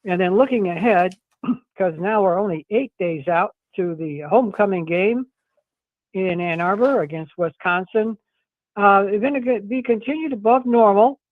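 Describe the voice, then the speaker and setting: A man with a fairly high voice calls in a relaxed, chatty weather forecast. The line is thin and phone-like, and the sound is dry and close, with no room around it. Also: moderate pace, dry recording. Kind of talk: radio weather report by phone.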